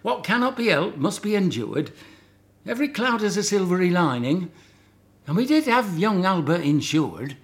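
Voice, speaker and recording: A man voicing a stolid northern working-class father in a put-on northern English accent, delivering his lines deadpan. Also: sits high, moderate pace, pitched above the performer's own voice. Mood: philosophical.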